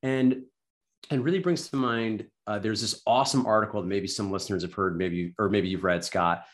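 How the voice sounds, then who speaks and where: A man telling his story as a podcast guest, animated and enthusiastic, self-deprecating, full of "like" and "right?". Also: lowish voice, normal speed. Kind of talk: casual storytelling interview.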